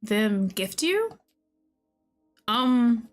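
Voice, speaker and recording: Excitable young woman streamer, slow talker. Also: a little high, soft background music. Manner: excitable, talks to game characters, swears and laughs. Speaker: VTuber streamer. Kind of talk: casual gameplay commentary.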